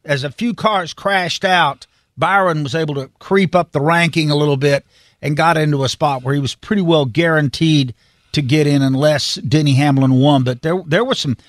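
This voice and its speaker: A man with a somewhat high voice breaks down the racing season for a radio show, talking steadily and walking listeners through the standings. His voice is close and dry, with no room around it. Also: moderate pace, no echo. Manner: steady, explanatory, knowledgeable. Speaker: motorsports reporter. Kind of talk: sports analysis on a radio call-in segment.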